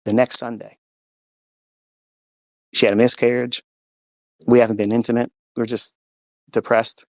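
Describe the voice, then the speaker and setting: Man, gravelly mid-pitched voice, earnest emotional storyteller, dry close phone sound. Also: a little slow, dry recording. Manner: earnest, animated, voice rises and falls with the story. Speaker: speaker sharing a faith testimony. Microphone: phone in a live audio room.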